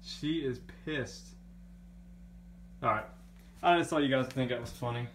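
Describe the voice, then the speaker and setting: A young man chatting casually into a handheld camera mic, excitable and prone to repeating himself and laughing. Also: mid-range voice, normal speed, a little hiss or hum. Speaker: gaming vlogger.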